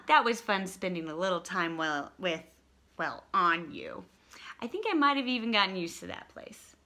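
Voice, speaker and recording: A woman leading a toddler story time, reading an interactive book aloud and singing simple songs while coaxing the children to join in. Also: fairly high pitch. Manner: bright, slow and animated, singing and coaxing small children. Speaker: children's librarian.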